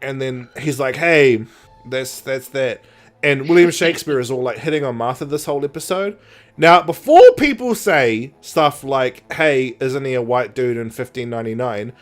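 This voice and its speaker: A man's voice: mid-range voice, animated, moderate pace, soft background music. A man co-hosting a podcast, animatedly retelling episodes and acting out characters in put-on voices. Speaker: podcast co-host. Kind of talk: casual chat.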